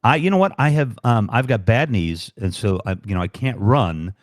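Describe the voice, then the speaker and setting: A man's voice: fairly low pitch, animated, normal speed, no echo. Male stream guest, rambling and jokey, dry sound. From United States. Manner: rambling, jokey, many fillers. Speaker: livestream guest, fellow broadcaster. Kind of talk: casual chat.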